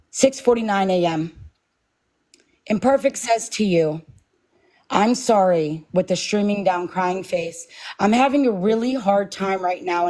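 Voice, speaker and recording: A woman hosts a livestream, sounding shaky and nervous while speaking bluntly and confrontationally and swearing freely. Her voice is medium-pitched with a darkish tone.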